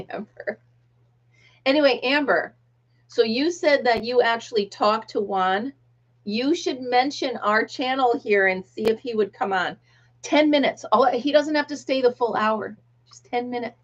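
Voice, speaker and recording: Middle-aged American woman, livestream host, chatty and laughing, slightly high voice. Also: a little slow. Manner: chatty, reads viewer comments aloud, laughs often. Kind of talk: casual live chat. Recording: dull lo-fi livestream audio.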